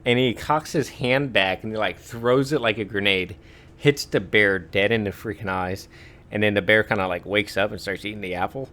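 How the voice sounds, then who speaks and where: Deep-voiced rambling man telling stories. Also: normal speed, fairly bright tone. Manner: rambling, lots of "like" and "uh" fillers. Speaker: podcast storyteller. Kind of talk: casual chat.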